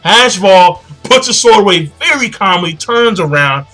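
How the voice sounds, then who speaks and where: High, bright-voiced young man rambling. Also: expressive, measured pace, soft background music. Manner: rambling, profane, repeats himself. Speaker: manga reviewer. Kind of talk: casual chapter recap.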